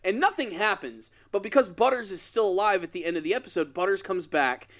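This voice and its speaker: A man co-hosting a casual podcast, retelling a story with lively energy and putting on quick voices for the characters. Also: high-pitched. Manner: animated storytelling, acts out quoted lines in exaggerated voices. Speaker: podcast co-host.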